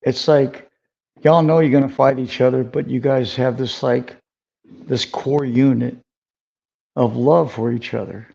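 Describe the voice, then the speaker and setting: Older man, interview host, gravelly dark voice, chatty and rambling, lo-fi sound. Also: mid-range voice, fairly even intonation, unhurried. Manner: rambling, conversational, many fillers. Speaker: podcast host. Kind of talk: casual interview chat. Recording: dull lo-fi sound.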